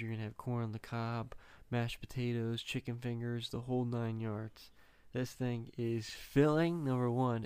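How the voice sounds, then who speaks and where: A man with a smooth, fairly low voice runs through dishes with eager praise as a podcast co-host. His pitch stays level, and the recording is dry and close. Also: no room sound. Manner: enthusiastic, listing dishes with emphatic praise. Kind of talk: casual food chat.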